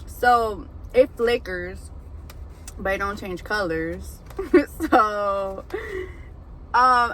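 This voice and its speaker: A woman who braids hair, telling a story in a casual, animated way with lots of fillers. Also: fairly high pitch, slight background noise, rough recording. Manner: animated, chatty, many fillers. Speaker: hairbraider and food vlogger. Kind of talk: casual storytelling while eating.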